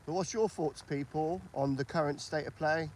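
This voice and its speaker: A British man talking politics off the cuff on his livestream, his voice sitting a little high for a man. He circles back over his points and keeps checking that the listener agrees. A faint hum of noise runs under the recording. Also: steady tone, moderate pace. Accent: British English. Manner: chatty, repeats himself, asks for agreement. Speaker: livestream host. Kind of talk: casual political chat.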